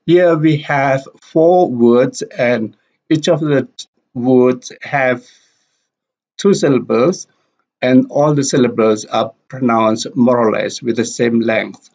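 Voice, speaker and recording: A man explaining a language lesson slowly and deliberately, repeating example words. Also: mid-range voice, a little mellow. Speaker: language teacher. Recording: dull lo-fi recording.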